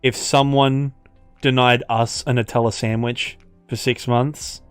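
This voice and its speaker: A man's voice: mid-range voice, a little slow, smooth, no room sound, faint music behind. A young Australian man co-hosting a podcast in casual chat, laughing often and swearing freely. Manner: laughing, swearing, animated banter. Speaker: podcast co-host.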